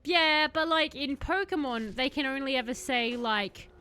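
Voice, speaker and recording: A woman's voice: high voice, normal speed, pushed and bright. A young woman streaming a game, chatting sarcastically and wandering off on tangents. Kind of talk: casual gameplay commentary.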